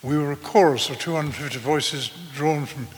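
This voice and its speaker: Older man preaching in an echoey church. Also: a little high. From eastern England. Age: 80s. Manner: storytelling, measured and vivid. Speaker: pastor. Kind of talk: sermon.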